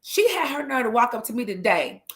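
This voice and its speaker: A woman's voice: a little high, sing-song, a little fast, fairly bright tone. A woman imitating her dramatic eight-year-old daughter, who has plenty of attitude. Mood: sassy.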